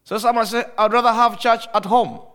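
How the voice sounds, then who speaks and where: A pastor preaching a fervent sermon, moving between loud rebuking and quiet storytelling. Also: male voice, very high voice, fairly even intonation, a little fast, clean tone.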